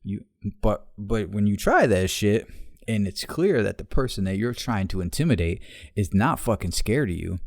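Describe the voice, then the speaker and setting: This man, in his thirties, hosts a podcast and tells a story quickly and very animatedly in a lowish voice, cursing casually and laughing along the way. The recording has studio quality and no room sound.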